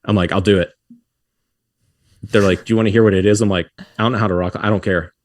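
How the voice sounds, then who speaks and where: A man's voice: lowish voice, fast talker, dry recording, studio quality. A middle-aged man, a podcast guest, telling stories in a casual way, acting out what people said and laughing often. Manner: animated, acts out quotes, laughs often. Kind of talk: casual storytelling.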